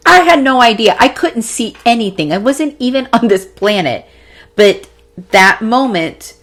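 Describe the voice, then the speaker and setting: A young adult woman hosting a podcast, telling a personal story in a casual, animated way, swearing freely and acting out sounds. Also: mid-range voice. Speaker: podcast host. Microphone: podcast mic, seated in a squeaky chair.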